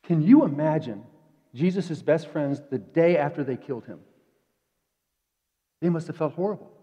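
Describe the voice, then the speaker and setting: A man preaching a sermon in a conversational way, dropping to quiet asides and rising to emphatic peaks. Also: on the high side, expressive, moderate pace, breathy edge. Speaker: pastor. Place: church sanctuary. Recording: dull echoey church hall.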